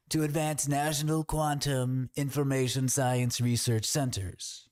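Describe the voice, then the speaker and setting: A man's voice: medium pitch, a little mellow, voice pushed up, natural voice. A man putting on a boastful older male politician who rambles and repeats himself.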